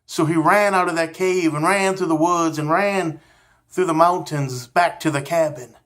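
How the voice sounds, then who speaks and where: A man telling a story in a gentle, unhurried, folksy way, as host of a storytelling series. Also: fairly high pitch, fairly even intonation. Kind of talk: storytelling narration.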